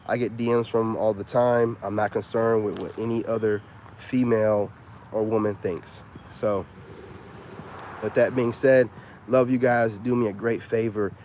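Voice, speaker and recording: A man's voice: medium pitch, darkish tone. Brief: man in his 40s, live-stream host, cocky and preachy, faint crickets and traffic behind him. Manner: self-assured, preachy, talks to viewers directly. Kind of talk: casual live-stream monologue.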